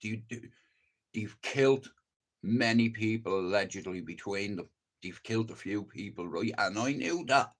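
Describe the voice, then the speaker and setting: A man's voice: fairly low pitch, moderate pace. An older man with a Dublin accent in a casual livestream monologue, blunt and profane, agitated, stammering over restarts as he tells his story. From Ireland.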